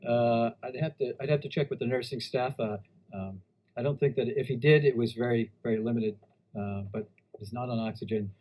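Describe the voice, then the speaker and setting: A man who is a doctor, answering press questions in a halting, hesitant way with many restarts. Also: medium pitch, darkish tone, slight background noise, rough recording. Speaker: physician at a press briefing.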